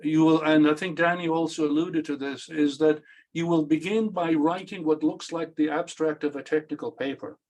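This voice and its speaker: A man's voice: fairly high pitch, steady tone, normal speed, darkish tone. A man presenting a workshop, talking in an emphatic, repetitive way with a slight stammer. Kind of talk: instructional talk.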